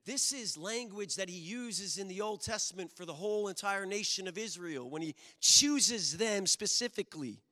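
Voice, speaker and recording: A man preaching a sermon to his congregation, swinging from booming emphasis to hushed intimacy. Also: lively intonation, normal speed, hardly any pauses. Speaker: pastor. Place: church sanctuary. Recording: long hall reverb.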